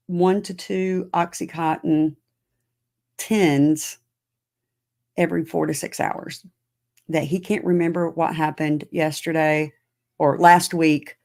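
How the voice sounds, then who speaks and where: A woman's voice: sits low, creaky, darkish tone. A middle-aged woman hosting a podcast, chatting casually with viewers and answering their comments with plenty of fillers. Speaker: podcast host. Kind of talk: casual live-stream chat with viewers.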